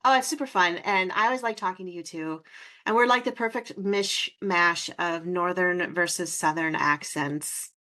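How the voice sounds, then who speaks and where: A woman host with a Minnesotan accent and a fairly low-pitched voice, chatting casually with a guest. She sounds bubbly and laughs easily. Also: moderate pace, sharp tone. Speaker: podcast host. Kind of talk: casual interview chat.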